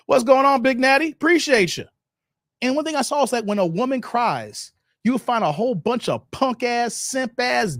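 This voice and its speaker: A man's voice: high voice, fairly bright tone, no room sound, studio quality. A man hosting a livestream, reacting to videos with blunt, profane, emphatic rants and reading out chat messages. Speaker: live-stream commentary host.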